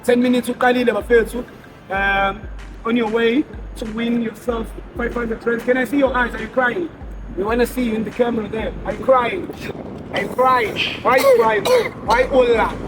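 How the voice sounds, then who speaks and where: A man's voice: very high voice, steady tone, normal speed, noisy background. A young South African man hosting a street challenge, playful and teasing as he hypes up contestants outdoors. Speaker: host of a street challenge show. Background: music playing.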